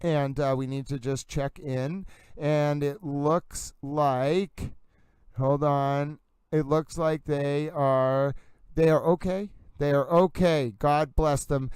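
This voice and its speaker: A man's voice: fairly high pitch, steady tone, takes it slowly, darkish tone, clean tone, no room sound, low-quality recording. A man hosting a live stream, greeting viewers in the chat by name in a playful, theatrical way. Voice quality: playful, theatrical, calls himself towel. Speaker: livestream host.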